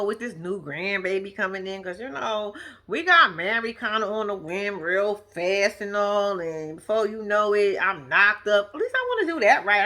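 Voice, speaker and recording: Woman, bright lively voice, chatty slangy TV recap vlogger. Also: mid-range voice. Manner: animated, slangy, laughs often. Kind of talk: casual recap commentary.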